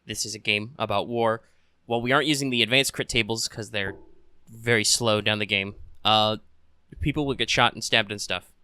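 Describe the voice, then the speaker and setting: Bright-voiced male game master. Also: fairly low pitch, moderate pace, clear, resonant tone, dry recording. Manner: relaxed and joking, with many fillers. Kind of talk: casual tabletop game narration.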